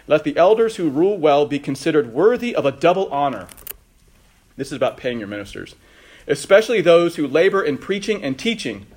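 A man's voice: a little high, fairly bright tone. A middle-aged man teaching a Bible class in a conversational lecture style, with asides and emphatic readings of quotes.

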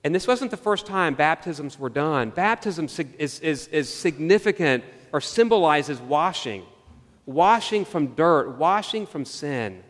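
Earnest male pastor preaching, voice a bit high, long hall reverb behind him. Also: very animated, fairly bright tone. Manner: earnest, asks the room questions, slows on key phrases. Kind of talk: sermon.

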